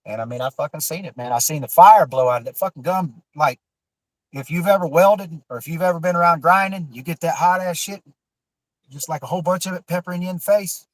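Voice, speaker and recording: A man's voice: on the high side, brisk, no room sound, poor audio. A man telling a personal story in a loose, rambling way, swearing freely and stumbling through many fillers and restarts. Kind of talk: casual storytelling on a livestream.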